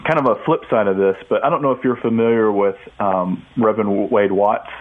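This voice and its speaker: A man guest on a radio interview, telling a story in a casual, animated way and acting out the quotes. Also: fairly low pitch, a little fast. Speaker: author and guest. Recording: tinny phone line.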